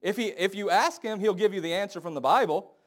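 Guy preaching, lively, acts out voices, kinda high-pitched. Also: fast talker. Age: adult, married. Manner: animated, acts out quoted voices with big swings in pitch and volume. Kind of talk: sermon.

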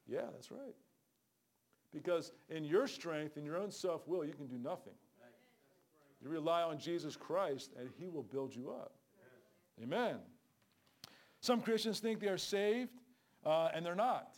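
A middle-aged male street preacher with a high voice. He preaches with fervor, calls out for amens and acts out the people he meets on the street. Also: expressive, normal speed, darkish tone. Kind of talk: sermon.

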